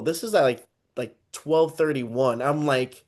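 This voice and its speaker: Animated storytelling man from Texas. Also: mid-range voice, unhurried. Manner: animated, acts out quoted voices. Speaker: podcast host. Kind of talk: casual storytelling chat.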